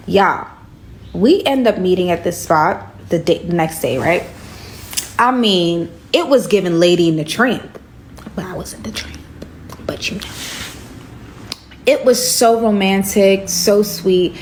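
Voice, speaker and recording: A young woman telling a casual storytime story in slangy speech, acting out the dialogue with sudden jumps up in pitch. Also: unhurried, long pauses, a little hiss or hum.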